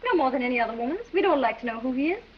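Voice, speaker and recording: A woman's voice: sits high, big pitch swings, very fast. An actress playing an exasperated young noblewoman, earnest and impatient, in 1930s film acting. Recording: dull old film soundtrack with hiss.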